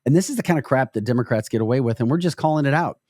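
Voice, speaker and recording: A man's voice: mid-range voice, expressive, very fast, darkish tone, dry recording, clean studio sound. Blunt mocking American podcast man. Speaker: podcast co-host. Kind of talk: political commentary chat.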